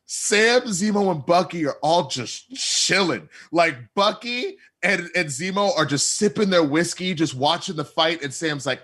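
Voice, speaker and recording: A man on a podcast, recapping an episode in an animated way and acting out characters' lines. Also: a little high, normal speed. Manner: acts out quoted lines in lively voices. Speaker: podcast co-host.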